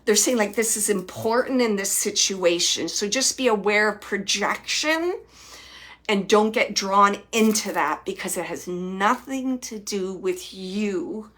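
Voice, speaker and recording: A woman hosting a psychic reading, relaying spirit messages in a soft, halting way with frequent restarts and repeated phrases, sometimes dropping to a near whisper. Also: medium pitch, expressive. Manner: drops to near-whispers at times. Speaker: psychic medium host.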